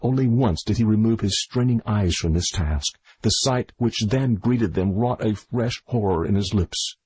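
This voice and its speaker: A man reading a mystery novel aloud in measured scripted narration, with a husky voice. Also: lowish voice, darkish tone, no echo, low-quality recording. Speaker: audiobook narrator.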